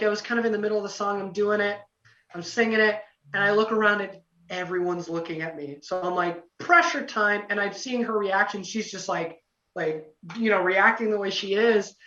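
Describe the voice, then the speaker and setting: A young man telling a casual story as a podcast guest, lively, acting out quotes, with lots of "you know" fillers. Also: high voice. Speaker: podcast guest, former singing contestant. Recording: roomy, distant, dull lo-fi sound.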